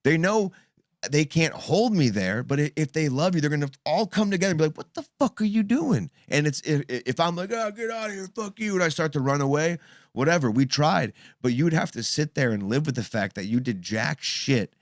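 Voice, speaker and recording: A man's voice: fairly high pitch, fairly quick, dry recording, studio quality. A man in his thirties telling a story in casual chat, swearing freely and acting out what people said. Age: 30s. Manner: animated, profane, acts out quoted voices.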